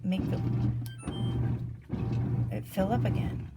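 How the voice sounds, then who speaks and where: Over loud music, a woman in her fifties demonstrates an appliance in her laundry area and reviews it bluntly with strong opinions, filmed on an iPad on a stand. It's a casual product review demonstration. Her medium-pitched voice swings widely in pitch as she takes it slowly.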